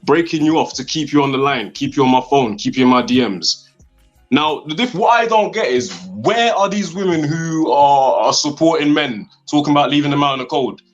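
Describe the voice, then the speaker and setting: Man, sarcastic debater, muffled audio, soft music underneath. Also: fairly high pitch, a little fast. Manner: sarcastic, argumentative, tag questions. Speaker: construction worker, debate guest. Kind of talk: heated debate. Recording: slightly dull sound.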